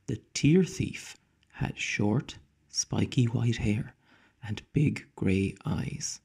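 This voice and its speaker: A man teacher reading a children's storybook aloud slowly, dropping into dramatic whispers. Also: medium pitch, gravelly, darkish tone, slightly rough.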